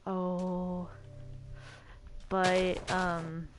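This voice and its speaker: A woman's voice: on the low side, unhurried, a little hiss or hum. A young woman streaming, chatting casually as she plays a survival game, telling a rambling story full of stammered restarts. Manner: rambling storyteller who stammers and repeats words. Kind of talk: casual chat while playing a survival game.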